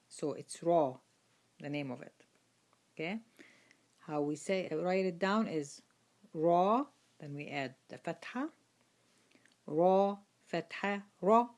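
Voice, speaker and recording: This is a woman with a fairly low voice teaching Quran reading. She talks very slowly and patiently, naming each letter and repeating its sounds. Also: darkish tone. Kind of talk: slow lesson on Arabic letters.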